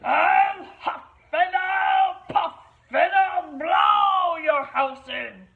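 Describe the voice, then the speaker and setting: A woman voicing a big, hungry male wolf in a storybook reading, making slow, loud, drawn-out threats, on a muffled lo-fi recording. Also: a little high, creaky, full character voice. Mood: shouting.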